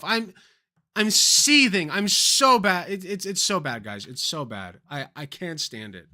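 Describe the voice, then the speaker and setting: A man's voice: sits high, lively intonation, moderate pace, bright, forceful tone. A man streaming live reactions to clips, exasperated and theatrical, swearing through long rants.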